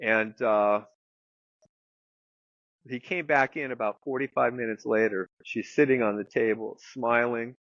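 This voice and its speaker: A man's voice: medium pitch, fairly even intonation, a little slow, pauses often, a bit bright, no room sound, muffled recording. A man guest telling a long story in casual, rambling talk, full of fillers and the odd swear word. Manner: rambling anecdote with many fillers and some swearing. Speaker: guest therapist.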